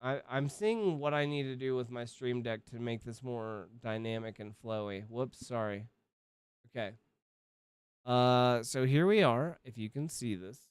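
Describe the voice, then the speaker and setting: A man's voice: medium pitch, a little slow, clean tone, dry recording. A man in his thirties chatting casually on a livestream from his home setup, rambling, swearing and cutting himself off mid-thought. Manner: rambling, profane, self-interrupting. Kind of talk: casual stream chat.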